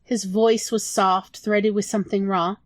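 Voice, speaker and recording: Woman, audiobook narrator, soft emotional storytelling, dry close mic. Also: mid-range voice, flat delivery, a little slow, dry recording. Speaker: author reading own story.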